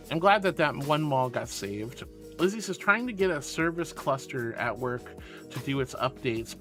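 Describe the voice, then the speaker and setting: Bright, gushing streamer woman. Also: sits low. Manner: gushing and affectionate, sweet pet names; playful, meows and rawrs. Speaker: VTuber streamer. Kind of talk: casual live-stream chat, reading chat aloud.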